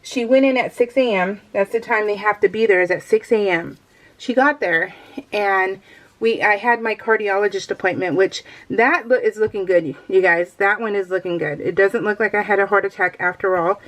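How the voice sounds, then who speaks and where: A woman's voice: medium pitch, moderate pace. A middle-aged woman talks casually to her viewers as she works on a craft project. She rambles from thought to thought and often breaks into light laughter. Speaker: crafting vlogger. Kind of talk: casual chat while crafting.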